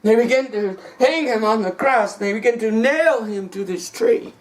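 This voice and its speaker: A preacher telling a story in a sermon, dramatic and repetitive, rising to shouts. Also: mid-range voice, moderate pace.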